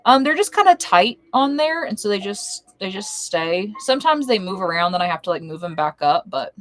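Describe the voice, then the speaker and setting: A woman's voice: medium pitch, sing-song, moderate pace, a bit bright, no room sound, poor audio. A young woman chatting casually on a home live stream, rambling between topics and cooing baby talk to her cat. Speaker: livestreamer. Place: home, indoors.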